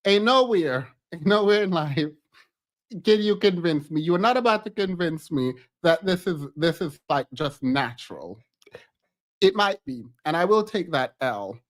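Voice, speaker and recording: High-voiced man in lively reaction chat. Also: unhurried. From outside the US. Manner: animated, laughs often, jumps in pitch when exclaiming. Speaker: streamer reacting to a show. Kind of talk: casual reaction commentary.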